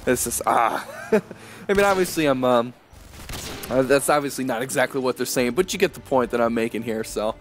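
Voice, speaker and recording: A man's voice: medium pitch, animated, brisk. A young American man giving rambling, chuckling commentary over gameplay. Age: young adult. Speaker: gaming commentator.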